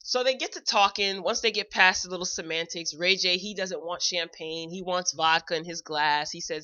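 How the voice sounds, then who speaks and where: A woman's voice: fairly low pitch, normal speed, hardly any pauses, pushed and bright, highs cut off. A woman hosting a show, giving a chatty, opinionated recap in a casual, blunt way. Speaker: show host reviewing a celebrity video.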